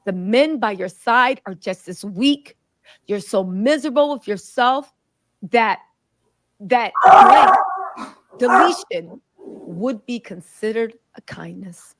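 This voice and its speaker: A woman's voice: on the high side, expressive, slow pace, long pauses, very noisy. A woman host giving emphatic reaction commentary and reading a statement aloud. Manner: emphatic, preachy.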